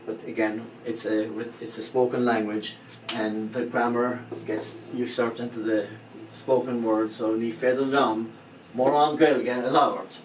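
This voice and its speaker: A man in a relaxed lesson at an ordinary pitch, who patiently repeats phrases and spells words out letter by letter. He sits back from the mic in a roomy, echoey space, with a faint hum behind him. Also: measured pace, recorded from a distance. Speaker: language teacher. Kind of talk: informal spoken language lesson.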